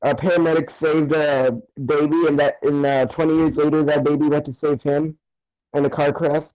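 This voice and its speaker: A man speaks haltingly on a casual podcast, often trailing off before finishing a thought. His voice is a touch high and sounds dry and close. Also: level tone, darkish tone, no room sound, low-quality recording. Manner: halting, trails off mid-sentence. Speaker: podcast co-host.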